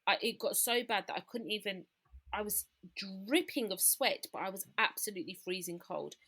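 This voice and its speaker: A British woman in her thirties speaks at a medium pitch and a normal pace, her husky voice carrying a sharp edge. She is a guest on a podcast, candidly telling a personal story and often quoting what people said to her. She says "like" a lot while replaying scenes through other people's words.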